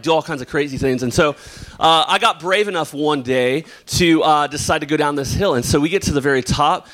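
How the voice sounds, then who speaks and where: Young male preacher, bright, slightly high voice, chatty and filler-heavy storytelling at a church service. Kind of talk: sermon with opening prayer and personal story. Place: church or youth service hall.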